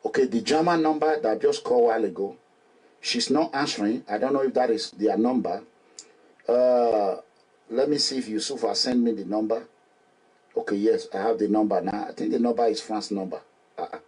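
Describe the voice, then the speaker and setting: A man's voice: lowish voice, a little fast, darkish tone, breathy edge. A Nigerian man hosting a call-in show, questioning a caller firmly and cutting in often. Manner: probing, talks over the caller. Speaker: host. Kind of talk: phone-in radio show.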